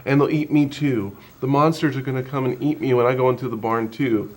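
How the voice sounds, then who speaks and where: A man's voice: medium pitch, steady tone, brisk, voice pushed up, natural voice. A man voicing his frightened two-year-old daughter in an anecdote, with an insistent childlike whine. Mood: insistent, fearful.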